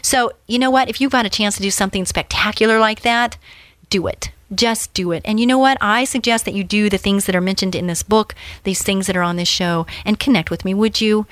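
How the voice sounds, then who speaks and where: A middle-aged woman hosting a faith talk show, telling personal stories earnestly and urging her listeners on with rising excitement. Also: medium pitch, fairly quick, no echo. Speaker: show host.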